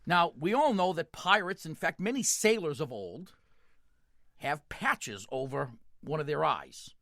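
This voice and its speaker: A man's voice: a little high, expressive, a little slow, bright, forceful tone, no echo, studio quality. An older man with a Boston accent, co-hosting a call-in radio show, telling jokes and laughing as he talks. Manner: jokey storyteller, laughs often, repeats words.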